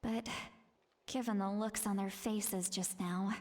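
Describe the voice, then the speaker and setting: A woman's voice: medium pitch, steady tone, slow, a little mellow, close to an everyday voice. An actress voicing a self-conscious elderly female shaman in a game, earnest and awkward, eager to sound trendy. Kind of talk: game character dialogue.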